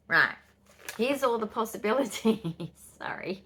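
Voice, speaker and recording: A woman in her fifties with an Australian accent, chatting casually in a vlog and telling stories with quick, excitable asides. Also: mid-range voice. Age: 50s. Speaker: vlogger. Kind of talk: casual chat.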